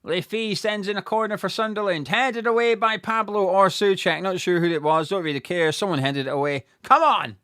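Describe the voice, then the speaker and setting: A man giving live fan commentary on a football match, excitable and swearing freely, bursting into shouts at big moments. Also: high-pitched, fairly quick, few pauses, smooth, no room sound.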